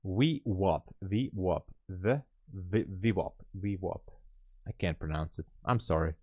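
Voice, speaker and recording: A man talks through his trades on a live stream. He drawls slowly, half to himself, chuckling and grumbling at the screen. The sound is dry and close, with no room around it. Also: deep voice, dry recording, narrow, tinny audio. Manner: laughs at himself, mutters at the screen. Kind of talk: casual live-stream commentary.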